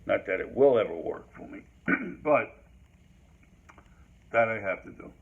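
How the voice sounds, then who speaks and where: Gravelly older man rambling, dull lo-fi sound. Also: on the low side, expressive, measured pace. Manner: rambling, many fillers and restarts. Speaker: history talk host. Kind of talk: rambling solo monologue. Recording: dull lo-fi recording.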